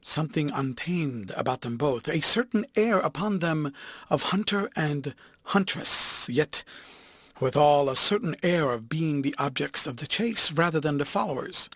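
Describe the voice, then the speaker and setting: A man reading a classic novel aloud as an audiobook, with lively, expressive narration. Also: a little high, measured pace, husky, dry recording.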